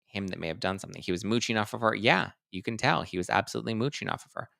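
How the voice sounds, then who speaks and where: A man's voice: fairly low pitch, lively intonation, rapid-fire, gravelly, pushed and bright, dry recording, studio quality. A male host chatting casually through celebrity gossip and reading out viewer comments, in a sassy, playful way with dramatic mock outrage.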